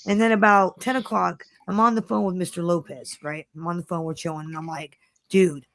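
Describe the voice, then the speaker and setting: A woman's voice: lowish voice, brisk, vocal fry. A woman hosting a casual chat show, telling a rambling story full of swearing and acted-out quotes of herself. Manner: animated, swears constantly, acts out her own quotes. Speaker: podcast host.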